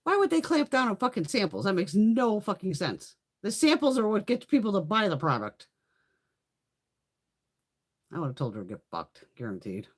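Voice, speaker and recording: Reading viewer comments and swearing freely, a woman tells blunt stories while hosting a laid-back makeup livestream. She speaks at normal speed in a mid-range, sing-song voice.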